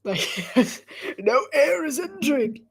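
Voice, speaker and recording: A woman with a nasal voice giving casual live play-by-play commentary, jokey and laughing often, loud on big plays. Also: high voice, big pitch swings, slow pace. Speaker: sports commentator.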